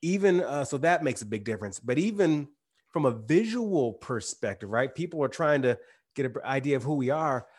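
A man's voice: medium pitch, animated, moderate pace, husky. A man with a slight twang, talking casually as an interview guest, using slang and restarting sentences now and then. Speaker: guest speaker.

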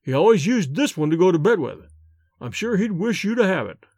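A man's voice: high-pitched, big pitch swings, brisk, darkish tone, dry recording, studio quality, heavily acted. A man voicing a deferential manservant in an audiobook, courteous and formal, addressing his master as sir. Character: deferential older male manservant, polite and formal. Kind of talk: audiobook character voice.

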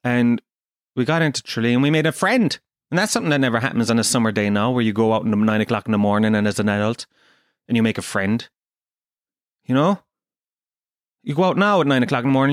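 An Irish podcast host from Kerry tells a comic story with plenty of swearing and jokes at his own expense. His voice sits at an ordinary male pitch. It is recorded dry and close to the mic. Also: dry recording. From Kerry, Ireland. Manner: profane, self-deprecating.

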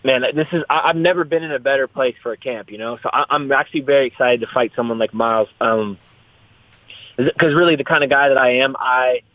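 A man's voice: mid-range voice, brisk, dry recording. A young man, a fighter, talking in a casual interview, rambling, repeating his words and swearing freely. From US West Coast. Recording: tinny phone-like line.

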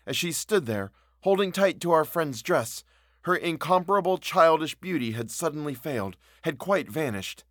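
A man narrating a classic novel in a measured, expressive reading. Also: a little high, no room sound, clean studio sound. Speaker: audiobook narrator.

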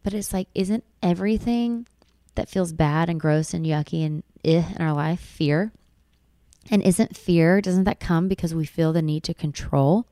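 A woman's voice: fairly low pitch, measured pace, dark tone, no echo, clean studio sound. A young woman and new mother talking earnestly to her viewers in a personal vlog, repeating lines for emphasis. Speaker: vlogger mom. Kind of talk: heartfelt personal vlog talk.

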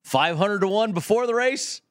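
A man with a West Coast accent co-hosts a sports-betting podcast with a somewhat high voice. He's jokey and animated, often stumbling and restarting as he talks odds and results. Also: normal speed, clear, resonant tone. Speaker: podcast co-host. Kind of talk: casual sports-betting chat.

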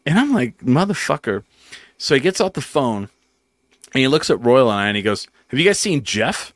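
A man in a dry, close-miked room spins a rambling story, swearing freely and slipping into the voices of the people he quotes. His pitch sits in the middle for a man, and his delivery is loose and conversational. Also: moderate pace, dry recording. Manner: profane, animated storyteller acting out quotes. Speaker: podcast host. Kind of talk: casual storytelling chat.

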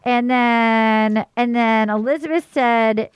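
A woman hosts a casual chat with a high, lively voice that leaps around as she talks. She acts out other people's lines in quick put-on voices. The sound is dry and close. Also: dry recording, highs cut off. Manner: animated, acts out quotes in voices. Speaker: podcast host. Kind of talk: casual chat, recapping a dating show.

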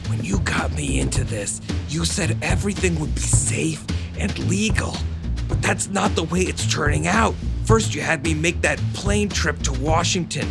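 A man's voice: sing-song, normal speed, creaky, over music. A man reading aloud and voicing a nervous, frightened male backer who pleads and protests in an agitated way. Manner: pleading, higher-pitched and agitated.

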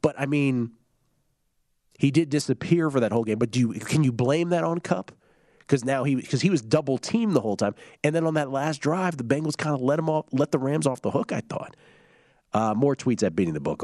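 A man's voice: mid-range voice, darkish tone, no room sound, clean studio sound. A man hosting a sports betting show, chatting casually and reading listener tweets aloud, humming fillers between them. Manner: quick, loose delivery with filler hums and restarts.

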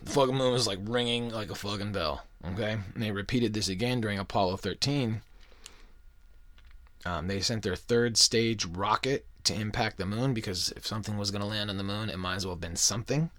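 A young man with a lowish voice rants into a dry, close microphone as a podcast host. He swears constantly, mocks the listener with crude jokes, and talks in a loose, profane monologue style. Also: fairly quick, fairly bright tone, dry recording. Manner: crude, swearing constantly, mocking, jokey asides.

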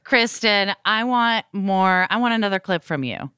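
A woman's voice: mid-range voice, lively intonation, normal speed, bright, forceful tone, clear, resonant tone, no echo, studio quality. A woman co-hosting a podcast, frank and joking, swearing casually as she chats. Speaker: podcast co-host. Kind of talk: casual chat.

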